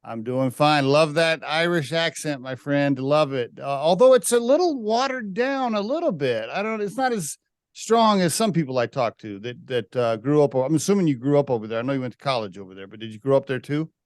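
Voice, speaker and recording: A man's voice: on the high side, expressive, fairly quick, no echo. A man hosting a podcast interview, chatty and casual, rambling through his questions with restarts. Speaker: podcast host.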